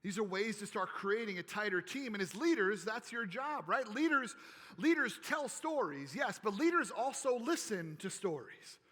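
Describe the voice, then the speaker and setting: Keynote man, high and bright, playful crowd work in a long-reverb hall. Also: normal speed. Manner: playful, animated, crowd-engaging. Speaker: keynote speaker. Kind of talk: energetic keynote speech. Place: large convention hall.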